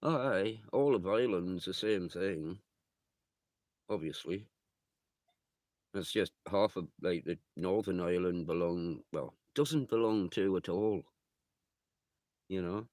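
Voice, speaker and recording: A man reads viewer chat during a livestream, drifting from thought to thought and cursing often in a loose, casual ramble. He speaks slowly in a low, slightly mellow voice with long pauses, and the recording is dry.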